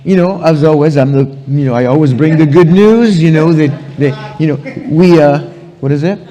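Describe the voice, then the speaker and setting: A man's voice: fairly high pitch, normal speed, warm tone, big-room sound, lo-fi sound. A man giving a conference talk in a church, joking around and filling his sentences with "you know.". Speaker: conference speaker, ministry founder. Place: church hall.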